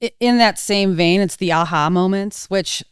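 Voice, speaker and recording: Very clear-voiced woman instructor, thoughtful. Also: medium pitch, dry recording, clean studio sound. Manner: thoughtful, slows down at points, light laughs. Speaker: snowmobile riding instructor. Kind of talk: casual podcast chat.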